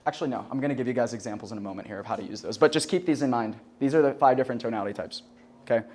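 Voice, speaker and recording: A man's voice: medium pitch, very fast, darkish tone, slight background noise. A young man teaching a sales class in a loose, chatty way, leaning on "like" and "right?" and swearing casually. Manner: swears casually and laughs at his own jokes. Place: classroom with a live audience.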